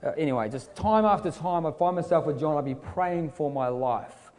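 A man's voice: a little high, moderate pace, darkish tone. A young man from New Zealand with a New Zealand accent, preaching a sermon with casual storytelling and joking asides. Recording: long hall reverb.

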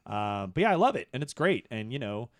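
A middle-aged man and podcast producer in casual chat, telling stories with bursts of excitement that jump high in pitch. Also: brisk, dry recording, clean studio sound. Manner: excitable storyteller, swings to high animated peaks.

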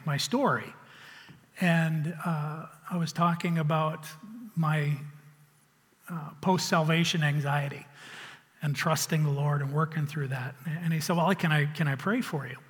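Man, testimony, reflective and halting, slightly high voice, long hall reverb. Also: a bit bright. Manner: halting, reflective storytelling with restarts. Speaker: church member sharing testimony. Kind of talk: personal testimony.

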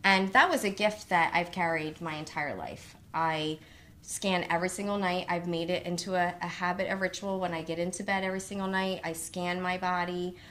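A woman who teaches kindergarten, telling stories in a casual conversation and talking with animated swings in pitch. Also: slight background noise. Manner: animated storyteller, quick rises in pitch.

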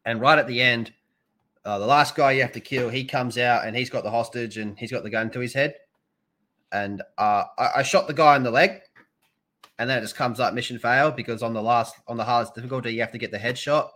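A man's voice: mid-range voice, brisk, pushed and bright. A young Australian man, a podcast guest, chatting casually and telling stories bluntly with plenty of swearing. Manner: blunt, profanity-heavy storytelling.

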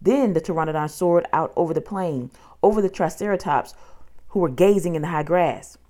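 A woman reading a children's book aloud, with steady, expressive storytelling. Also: on the low side, brisk.

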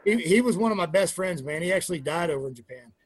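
A man's voice: high-pitched, fast, slightly rough. A middle-aged man who used to wrestle, telling swearing-heavy locker-room stories in a casual interview. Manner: profane, animated storyteller, acts out quotes; trailing fillers and restarts. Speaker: interview guest, former pro wrestler. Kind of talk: casual storytelling.

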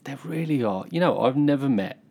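A man's voice: medium pitch, animated, brisk, darkish tone. A man chatting casually as a podcast co-host, chiming in with wry, teasing remarks. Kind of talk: casual chat.

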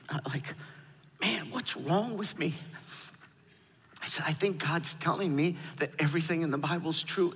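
A man's voice: on the high side, bright, forceful tone, big-room sound. A middle-aged pastor telling personal stories as an interview guest, emotional and hesitant, often restarting his sentences.

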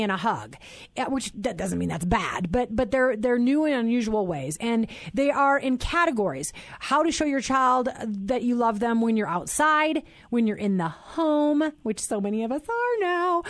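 A woman's voice: on the high side, no room sound. A woman in her forties hosting a Christian radio talk show, chatty and bubbly, laughing often. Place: radio studio.

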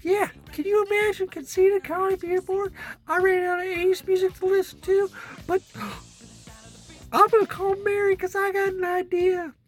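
A woman's voice: extremely high pitch, little pitch movement, measured pace, over music. A woman playing a vain, self-absorbed chatty woman, dramatically whining through a one-sided comedy phone call. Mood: bored chatter.

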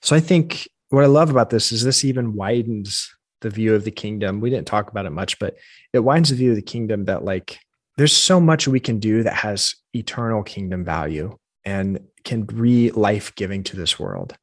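A man's voice: on the low side, expressive, moderate pace, husky, no room sound, studio quality. A man co-hosting a casual faith podcast, talking through ideas in an earnest, reflective way. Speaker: podcast co-host.

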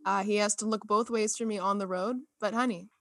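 A woman's voice: mid-range voice, fairly even intonation, brisk, fairly bright tone, dry recording, clean studio sound. A woman in her thirties co-hosting a podcast, chatting casually and laughing at herself as she teases her friend. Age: 30s. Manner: giggly, teasing, self-mocking. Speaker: podcast co-host. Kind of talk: casual chat.

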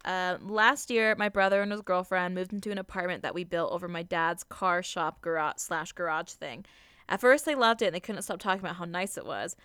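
A woman's voice: lowish voice, brisk, fairly bright tone, smooth, no room sound, studio quality. A young woman co-hosting a casual podcast, reading out a listener's story in a chatty, playful way and swearing freely. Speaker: podcast co-host. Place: Utah.

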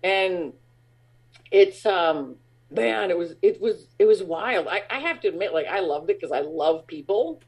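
A woman in her forties, a guest in a casual interview, rambling with lots of fillers and laughing at her own stories, jumping up high when acting out fans. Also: lively intonation, a little slow, darkish tone, husky.

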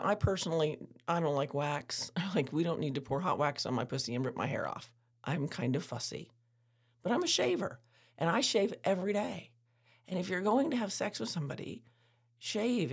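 Husky, animated woman telling frank stories. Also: deep voice. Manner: candid, laughing, animated storytelling. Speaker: podcast host. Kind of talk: frank casual monologue.

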